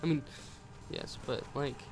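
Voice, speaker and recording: A man's voice: mid-range voice, wildly swooping pitch, a little slow, creaky, music in the background. A young American man with an American accent, rambling through casual let's-play commentary, stumbling over words and swearing. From United States. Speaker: gaming YouTuber.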